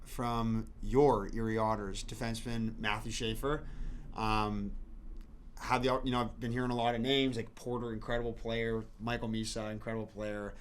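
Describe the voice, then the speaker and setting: A man's voice: on the low side, flat delivery, normal speed, a little hiss or hum. A man co-hosting a podcast, chatting casually and enthusiastically, often restarting his sentences. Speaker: podcast co-host. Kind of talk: casual hockey podcast chat.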